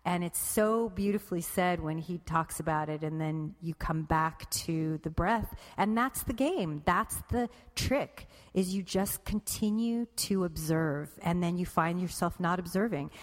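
A woman with a somewhat low voice talks casually and rambles, stopping to fix her words and laughing easily. Her voice rings out with a long, hall-like reverb, as if she were recording in a large open room. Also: measured pace, hardly any pauses. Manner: rambling, self-correcting, laughing often. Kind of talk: casual conversation about meditation.

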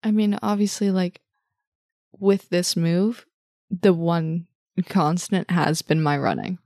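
A young woman talks as a podcast guest in an upbeat, easygoing way and laughs often. Her voice sits a little low. The sound is dry and close. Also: slow, warm tone, no echo. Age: young adult. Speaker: guest, host's daughter. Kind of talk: casual chat.

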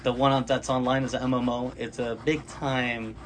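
A man's voice: mid-range voice, little pitch movement, normal speed. A man hosting a casual podcast chat in a comic shop, telling stories and acting out quotes while laughing. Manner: laughs through his stories, acts out quotes. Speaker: podcast host.

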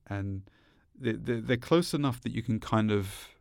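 A man with a British accent co-hosting a poetry podcast, reading slowly and carefully, then chatting casually with frequent restarts and easy laughs. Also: on the low side, creaky, no echo, clean studio sound. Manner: slow deliberate reading, laughs easily, restarts often. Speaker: podcast co-host.

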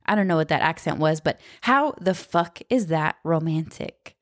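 A woman's voice: sits low, expressive, normal speed, few pauses, no room sound, clean studio sound. A woman in her thirties giving blunt, sarcastic spoken commentary, swearing freely. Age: 30s. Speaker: book commentator.

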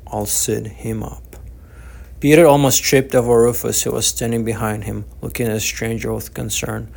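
A man reading his own novel aloud as the author, narrating in a steady, measured way. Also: mid-range voice, gravelly. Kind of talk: audiobook narration.

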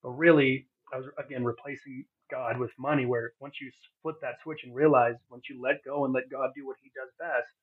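A man's voice: medium pitch, fairly even intonation, fairly quick, few pauses, husky. A man sharing an earnest, heartfelt personal testimony as a podcast guest. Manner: earnest, heartfelt, many fillers and restarts. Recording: phone-like narrow sound.

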